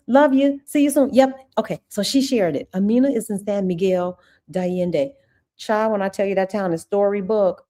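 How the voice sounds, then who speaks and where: Woman host, ex-teacher, live chat with viewers; mellow tone, gushing and chatty. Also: lowish voice. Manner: effusive, chatty, calls viewers "y'all". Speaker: channel host; former teacher. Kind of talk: casual livestream chat with viewers.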